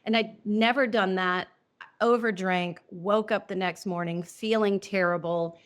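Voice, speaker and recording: A middle-aged woman, an interview guest telling a personal story, earnest and emotional, halting and restarting often. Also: mid-range voice, steady tone, clear, resonant tone. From New Orleans.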